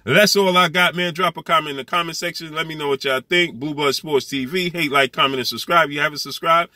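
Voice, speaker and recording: A man with a slightly high, bright and forceful voice runs a casual boxing news vlog. He talks in an animated, slangy way and often repeats himself as he relays quotes. The sound is dry and close, with no room around it. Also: quick pace, dry recording. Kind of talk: casual sports commentary.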